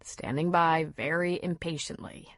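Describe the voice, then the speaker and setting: A woman's voice: low voice, fairly even intonation, unhurried, dry recording, clean studio sound. Woman reading as an earnest young man. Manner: earnest, reassuring.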